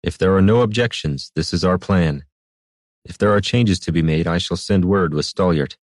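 A man voicing a stern, commanding male raider leader in an audiobook, cold and deliberate. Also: low voice, no room sound, clean studio sound.

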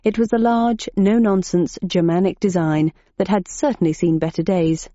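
A woman reading a novel aloud as a narrator, in a dry, measured manner. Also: on the low side, steady tone, mellow, no room sound. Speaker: audiobook narrator. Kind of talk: scripted narration. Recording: dull muffled audiobook recording.

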